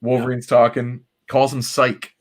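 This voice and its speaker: A man's voice: mid-range voice, little pitch movement, a little slow. A man co-hosting a comic book podcast, casually recapping the plot and now and then voicing the characters' lines. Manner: recaps the plot, dropping briefly into playful character voices. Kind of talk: casual chat reading comics aloud.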